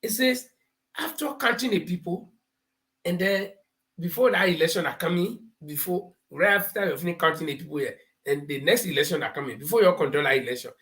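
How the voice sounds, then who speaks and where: A man's voice: fairly high pitch, brisk, a bit bright. Man with a Liberian English accent. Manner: folksy, explains with homespun parables and stories; laughs while telling stories. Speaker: talk show host. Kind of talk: live political commentary.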